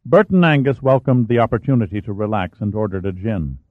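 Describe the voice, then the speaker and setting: A man reading an audiobook chapter in a steady, measured narration. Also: lowish voice, no room sound. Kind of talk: scripted narration. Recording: dry, tinny phone-like sound.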